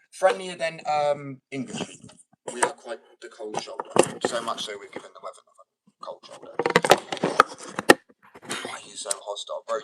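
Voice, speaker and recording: A man's voice: medium pitch, heavy background noise. A man from Germany, a skateboard artist, ranting back at viewer comments in a combative, mocking and blunt way.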